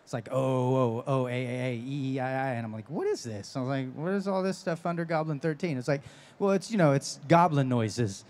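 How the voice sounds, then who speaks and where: This man's mid-range voice is a bit mellow, and he talks fairly quickly with few pauses. He's a voice actor telling stories in a live Q&A on a convention stage, chatty and often laughing while answering the audience.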